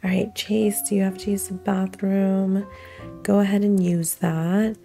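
A woman's voice: mid-range voice, flat delivery, unhurried, gravelly, dark tone, soft background music. A young woman hosting a let's play, giving casual commentary that gushes and giggles over her game. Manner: gushing, giggly, playful.

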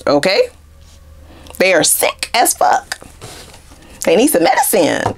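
A woman giving a casual tarot reading to camera, sassy and animated, with frequent laughter and asides. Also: mid-range voice, slow, long pauses, background noise. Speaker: tarot reader.

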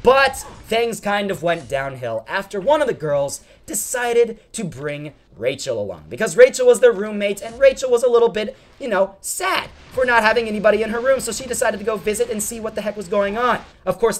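Animated young man telling a rambling story. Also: high-pitched, brisk, few pauses. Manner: rambling, animated, easily sidetracked. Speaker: gaming channel host. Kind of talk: storytelling over gameplay commentary.

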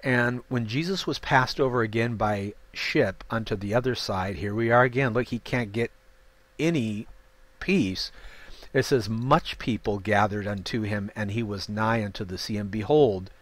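A man's voice: on the low side, moderate pace. A man leading a Bible study, reading King James verses aloud and breaking in with informal, chatty asides. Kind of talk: scripture reading with casual commentary.

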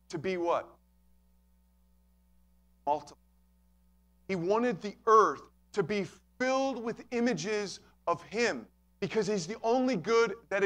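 Man, pastor, sermon, high-pitched voice, emphatic, repeats phrases. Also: fairly bright tone. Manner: emphatic, repeats key phrases, addresses listeners as friends.

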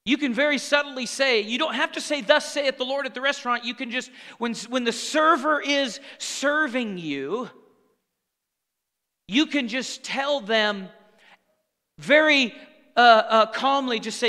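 Preaching in a church sanctuary whose long hall reverb lingers on every word, this male pastor speaks a little slowly in a high, bright, ringing voice. He addresses the congregation in a conversational way, slipping in call-and-response asides.

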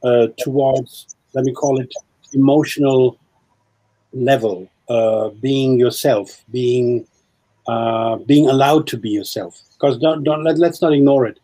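A man hosting a talk show, who speaks haltingly and searches for his words. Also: medium pitch, steady tone, warm tone, poor audio. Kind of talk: casual interview talk.

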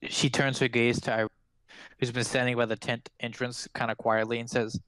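A man's voice: medium pitch, level tone, brisk, fairly bright tone, clear, resonant tone, dry recording. A man as game master, narrating a tabletop game in a casual, filler-heavy way.

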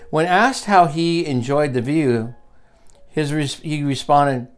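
A man's voice: fairly high pitch, slow, soft background music. Emphatic man teaching a leadership seminar. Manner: emphatic, repeats key lines and asks the listener questions. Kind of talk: virtual leadership seminar reading from a book.

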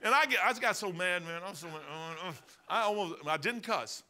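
An older man with a Midwestern American accent preaches from the pulpit, his voice bright and sitting a little high. He tells stories with lively swings between loud exclamations and hushed asides. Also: a little fast. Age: 60s. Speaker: pastor. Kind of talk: sermon.

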